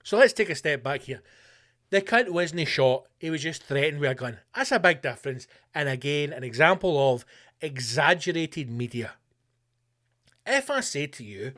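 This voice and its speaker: A man's voice: on the high side, lively intonation, moderate pace, a bit bright. A Scottish man hosting a podcast, delivering a profane, sarcastic comedic rant. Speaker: podcast host. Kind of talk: comedic ranting monologue.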